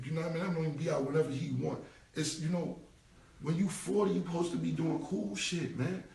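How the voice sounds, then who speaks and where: Blunt New York man, 40s, slightly high gravelly voice, casual street-talk rant. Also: darkish tone, roomy sound, distant mic. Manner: blunt, repetitive, streetwise slang with cursing. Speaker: rapper on a live stream. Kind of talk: casual live-stream rant. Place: indoor room, live stream. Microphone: phone mic.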